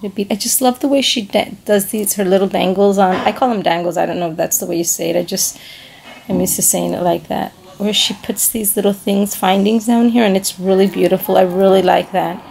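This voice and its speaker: A woman's voice: mid-range voice, fairly even intonation, a little fast, gravelly, darkish tone, slight background noise. A woman chatting casually to camera, gushing over handmade crafts and often searching for the right word. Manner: gushing and enthusiastic, repeats praise words; searches for words, trails off mid-sentence. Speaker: craft vlogger showing a package.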